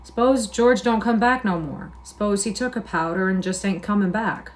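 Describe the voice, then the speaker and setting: A woman reading a novel aloud plays a lonely, bitter older ranch hand who talks in a slow, drawling, persuasive way. He broods and muses aloud, sometimes scornful, at a middling pitch. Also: lightly acted. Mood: brooding, persuasive.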